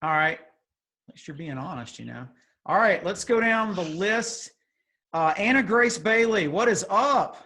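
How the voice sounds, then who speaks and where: A man's voice: sits high, expressive, a little slow, sharp tone. A man leading a youth group on a video call, joking and teasing as he asks would-you-rather questions. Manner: playful, teasing, chatty asides. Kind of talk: casual video call hosting.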